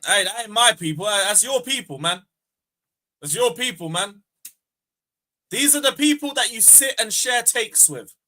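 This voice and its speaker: A young man hosting a fan livestream, bantering loudly, swearing and taunting viewers. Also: high voice, lively intonation, moderate pace, long pauses. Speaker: fan channel host. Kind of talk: casual livestream chat.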